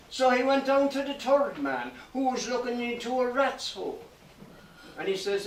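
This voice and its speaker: A man's voice: extremely high pitch, moderate pace, fairly bright tone, slight background noise. A man telling a tall folk tale to a live audience in a lilting storytelling manner, giving voices to the characters he meets. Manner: lilting nonsense-tale delivery with voiced exchanges. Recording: echoey hall recorded from a distance.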